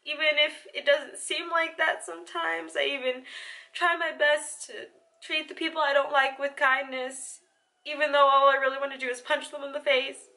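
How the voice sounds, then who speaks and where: High, bright-voiced young woman confiding. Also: little pitch movement, creaky. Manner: halting, emotional, drops to near-whispers. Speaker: vlogger. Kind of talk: confessional personal vlog.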